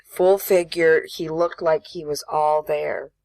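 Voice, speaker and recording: A woman in her late twenties co-hosts a podcast, chatting casually, laughing often and acting out the voices in her stories. Her voice sits low and creaky with a darkish tone, a steady delivery and a slow pace, and there's no echo.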